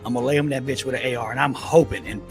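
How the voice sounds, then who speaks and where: A man's voice: mid-range voice, fairly even intonation, racing, creaky. A man on a comedic podcast goes off on a blunt, profanity-filled rant. Faint music plays under his voice. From United States. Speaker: podcast co-host.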